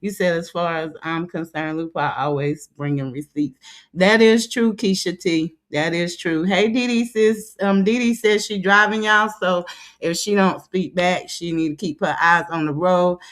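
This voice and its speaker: Chatty woman greeting her livestream viewers. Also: a bit bright. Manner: chatty, drawn-out greetings, drops low when reading comments aloud. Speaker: livestream host.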